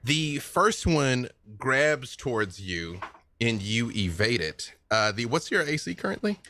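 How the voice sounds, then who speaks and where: Slow, bright-voiced male dungeon master. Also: medium pitch, sing-song, slight background noise. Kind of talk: narrating a tabletop game.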